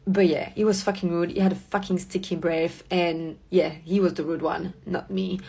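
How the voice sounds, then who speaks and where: A woman telling a story to her viewers in a blunt, profane, animated rant. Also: lowish voice, moderate pace, creaky, breathy edge. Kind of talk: casual ranting storytime.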